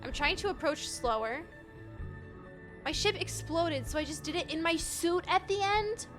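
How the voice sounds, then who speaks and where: Woman, 20s, high voice, chatty live streamer, flustered and giggly, game music underneath. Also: lively intonation, normal speed, fairly bright tone. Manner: chatty, reads chat aloud, laughs often, flustered. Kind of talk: casual live-stream chat while gaming.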